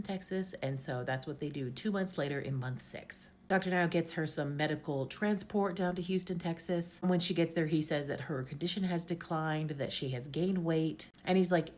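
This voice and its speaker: A woman's voice: low voice, fairly quick, hardly any pauses, a little mellow. A woman casually recapping a reality show's story, chatty and full of "basically" and "like". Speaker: show recap host.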